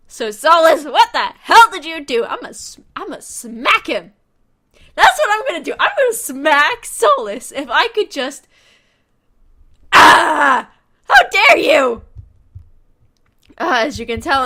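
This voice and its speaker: High, animated woman reacting to a game. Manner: expressive, exclaiming, swears freely. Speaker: game streamer. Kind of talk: casual let's-play commentary.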